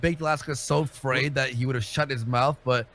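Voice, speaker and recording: A man's voice: medium pitch, fairly even intonation, fairly quick, a bit bright. A man co-hosting a livestream talk show, crude and blunt, defending himself. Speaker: co-host.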